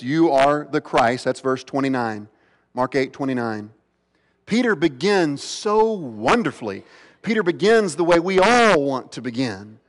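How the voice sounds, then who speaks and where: A male pastor delivering an earnest sermon with a slightly raised voice. His words ring out with the long reverb of a large church sanctuary. He slows down and drops low and soft on the questions he quotes.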